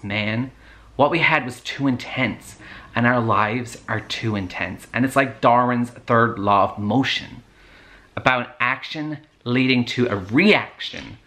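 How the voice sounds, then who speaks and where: A man voicing a drunk, rambling ex-boyfriend in a put-on American accent, speaking slowly and trying to sound deep. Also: bright, forceful tone, natural voice. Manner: slow, rambling pseudo-deep talk.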